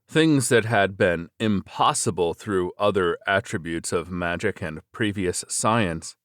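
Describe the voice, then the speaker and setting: A man narrating a web novel in a steady, measured reading voice. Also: on the low side, no echo, clean studio sound. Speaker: audiobook narrator.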